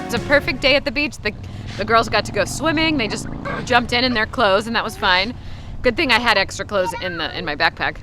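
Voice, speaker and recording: A woman's voice: a little high, brisk, over music. A woman in her thirties, a mother, chatting casually through a family travel vlog outdoors at a lake beach. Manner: chatty, relaxed. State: out of breath. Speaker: vlogger, mother.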